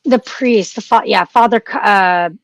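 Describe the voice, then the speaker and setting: A woman's voice: mid-range voice, unhurried, creaky, no room sound. A woman co-hosting a casual podcast chat, gushing and emotional, with frequent restarts and fillers. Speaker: podcast co-host.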